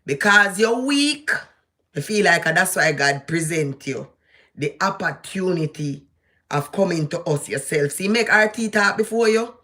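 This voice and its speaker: A woman's voice: lowish voice, animated, a little slow, bright, forceful tone. Woman, Jamaican accent, vlogger, casual commentary, preachy, emphatic, direct address.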